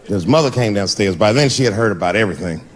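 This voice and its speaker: Animated male stand-up storyteller, big swings from shouts to mutters, recorded live with background noise. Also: fast talker, a crowd in the background. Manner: animated, shifting between shouts and low mutters. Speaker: stand-up comedian. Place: stage before a live audience.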